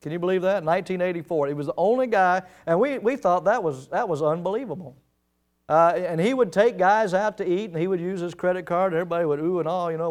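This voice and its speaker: Storytelling male preacher, high clear voice. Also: animated, brisk, darkish tone. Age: middle-aged. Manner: storytelling, acts out the quoted lines. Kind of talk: sermon.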